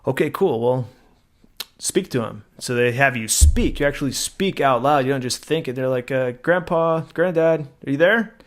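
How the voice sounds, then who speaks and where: A middle-aged man co-hosting a podcast, telling a personal story in a rambling, animated way, acting out quotes, with frequent restarts. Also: mid-range voice, moderate pace. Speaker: podcast co-host. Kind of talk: casual conversational storytelling.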